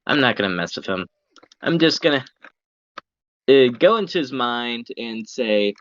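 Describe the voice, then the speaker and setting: A man playing a tabletop game, talking in an animated, rambling, slangy way. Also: mid-range voice, moderate pace, lo-fi sound. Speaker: player. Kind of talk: casual tabletop game chat.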